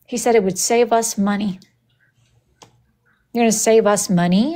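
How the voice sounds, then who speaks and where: A woman's voice: a little high, expressive, measured pace, mellow. A young woman hosting a casual livestream, reading viewer comments aloud in a sassy, dramatic, playful way. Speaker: livestream host.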